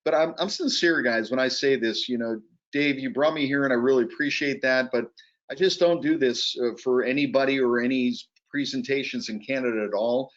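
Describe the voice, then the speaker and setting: A man giving an energetic, urgent sales pitch as a guest presenter on a webinar over a video call. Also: fairly quick. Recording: muffled lo-fi call audio.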